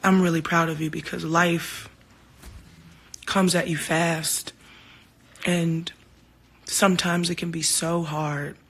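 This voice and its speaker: A woman's voice: fairly low pitch, flat delivery, takes it slowly, pauses often, a bit bright. A woman talking casually to her fans on a phone livestream, heartfelt and open, swearing now and then. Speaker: singer hosting a livestream.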